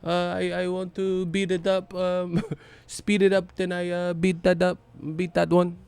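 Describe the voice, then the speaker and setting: A hesitant male boxer with a Filipino accent, as a man puts him on, speaks in a pitched-up voice. He stumbles through every sentence on "uh" and "um", and the quiet delivery sits a little back from the mic. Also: completely flat delivery, gravelly, clean tone, no echo. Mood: halting accented. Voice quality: halting, full of "uh" fillers.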